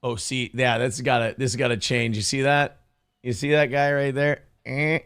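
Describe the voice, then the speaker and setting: A man's voice: mid-range voice, little pitch movement, normal speed, fairly bright tone, clean tone, no echo, studio quality. A man talking casually on his own stream, rambling and self-deprecating as he explains his setup.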